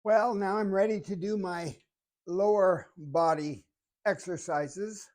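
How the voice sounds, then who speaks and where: A fitness instructor giving calm, step-by-step exercise coaching while demonstrating the moves. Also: mid-range voice, slow.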